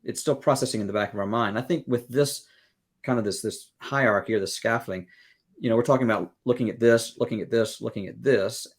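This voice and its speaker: A man's voice: medium pitch, fairly quick. A man from the States, a guest music educator in a podcast interview, explaining earnestly with everyday analogies. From Southern United States. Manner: acts out quoted exchanges.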